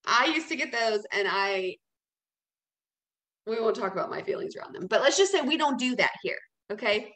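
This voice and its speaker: A woman's voice: a little high, animated, normal speed, bright, forceful tone, roomy sound, rough recording. A woman leading a casual training talk, chatty and encouraging, often checking in with "okay?". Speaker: team leader training new sellers.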